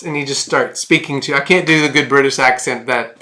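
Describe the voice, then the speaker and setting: A man's voice: medium pitch, moderate pace, sharp tone. A man running a tabletop game as game master, narrating in a rambling, hesitant way with many fillers and restarts.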